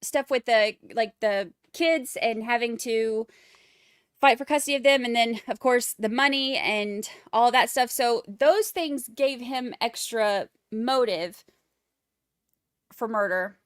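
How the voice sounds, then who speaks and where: A woman's voice: on the high side, a bit bright, no echo, studio quality. A young woman with a Southern US accent hosting a casual livestream, chatting loosely and reading viewer comments aloud. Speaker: livestream host.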